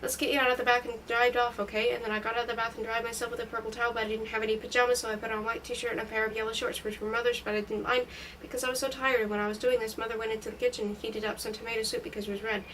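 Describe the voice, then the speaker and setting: Quick high-voiced woman reading a novel. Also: level tone, a bit bright, distant mic, a little hiss or hum, poor audio. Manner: plain first-person narration. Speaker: reader.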